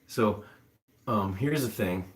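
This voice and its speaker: A man's voice: lowish voice, slow. A man who runs an animal rescue, chatting casually with live viewers in a loose, rambling way, full of fillers. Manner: rambling, filler-heavy, answers chat comments. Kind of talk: casual live stream chat. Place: home room with pets. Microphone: camera on upside-down tripod.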